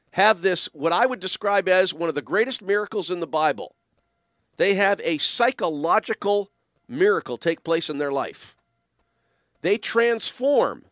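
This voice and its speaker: A man's voice: high-pitched, fairly bright tone, no room sound, clean studio sound. A man in ministry talking in a casual, earnest and rambling way, with emphatic stresses. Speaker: minister giving a talk. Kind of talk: casual spoken reflection. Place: lives in the Ottawa region.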